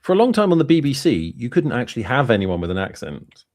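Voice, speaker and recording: Chatty English man, mid-pitched. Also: quick pace. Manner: relaxed, chatty, anecdotal. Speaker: podcast host. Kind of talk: casual chat.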